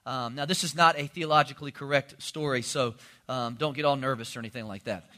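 Bright-voiced joking pastor. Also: male voice, medium pitch, fairly quick. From North Carolina. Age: 40s. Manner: folksy joking storyteller, animated. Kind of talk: sermon.

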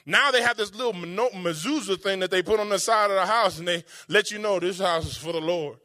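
High, bright-voiced preacher man. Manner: emphatic, conversational preaching with dramatic pauses and slowed quotes. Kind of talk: sermon.

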